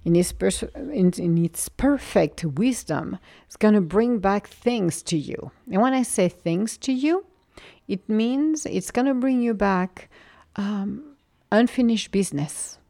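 A woman in her forties giving an earnest, encouraging spiritual talk, sometimes sinking into a soft whisper. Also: mid-range voice, expressive, slow pace, creaky, dry recording. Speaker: spiritual motivational speaker. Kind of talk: inspirational monologue.

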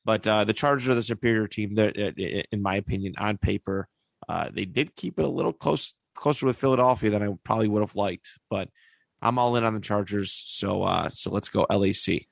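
Gravelly low-voiced man hosting. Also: a little fast, no room sound. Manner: laid-back, many filler words. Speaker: podcast host. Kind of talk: casual sports chat.

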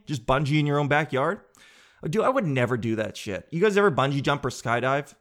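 A man's voice: medium pitch, animated, a little fast, a bit bright. A man doing a casual comic monologue in a rambling, joking, self-mocking way.

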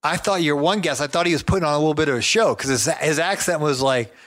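A man's voice: a little high, fast talker, a bit bright. A man hosting a podcast, chatting enthusiastically with a guest and reading plugs and promos. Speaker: podcast host. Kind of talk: casual podcast interview. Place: Georgia.

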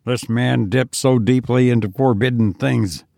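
A man's voice: mid-range voice, fairly even intonation, unhurried, vocal fry, mellow, dry recording, clean studio sound. A man voicing an obsessed, half-mad male explorer who talks harshly and broods over a cursed jewel. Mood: brooding.

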